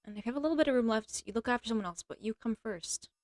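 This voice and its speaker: Woman streamer, mixed American accent, high voice, dry close sound, rambling playful chatter. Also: very fast, dry recording. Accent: American mixed with another accent. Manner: rambling and playful, often trailing off into quiet mutters. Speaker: live streamer. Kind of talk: casual livestream chat.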